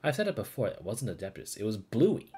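A man voicing an eager young village boy in a game read-through, his voice pushed up high and bright. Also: big pitch swings, a little fast, slightly rough, full character voice. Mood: insistent.

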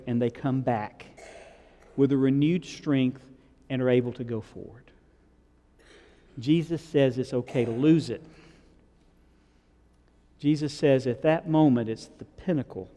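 Preaching in a church sanctuary, a pastor with a mid-range, dark-toned voice moves at a moderate pace, leaving long pauses as he retells scripture in a conversational way and questions his congregation. A long reverb tail follows his words.

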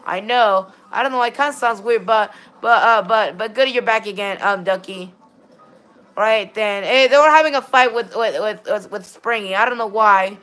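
Here a female streamer makes relaxed small talk with viewers while playing a game, her mid-range voice fairly bright and her speed normal. She frequently stammers and restarts her sentences, with repeated uses of "all right, then."

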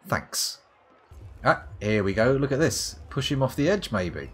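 Animated southern English man commentating a game. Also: deep voice, moderate pace, a little hiss or hum. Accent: southern English, near London. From England. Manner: sardonic, swearing, muttering to himself. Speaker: streamer. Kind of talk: live gameplay commentary.

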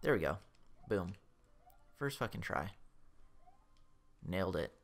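A young man giving casual, excitable commentary while playing a video game, swearing freely and mocking his own skill. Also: low-pitched, takes it slowly. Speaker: let's play gamer.

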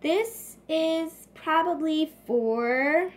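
This is a homemade toy pet award show hosted by a woman whose voice sits high and moves extremely slowly. Casual and hesitant, she clears her throat as she announces each category.

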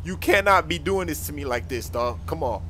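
A man playing a whiny pulled-over driver, high and bright. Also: expressive, moderate pace, faint music behind. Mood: pleading. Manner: pleading and complaining, calls everyone bro.

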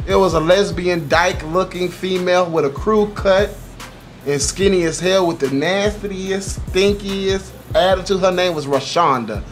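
High-voiced young man telling an angry story. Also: measured pace, faint music behind. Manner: animated, profane, exaggerated. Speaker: YouTuber. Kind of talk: comic storytelling vlog.

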